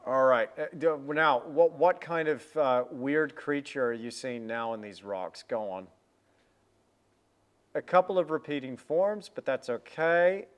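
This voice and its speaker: Man, middle-aged, painting instructor, excited, rambling, livestream talk. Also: mid-range voice, unhurried, clean tone. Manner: energetic, enthusiastic, rambling with restarts. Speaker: art teacher hosting a livestream. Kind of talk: casual livestream chat while painting.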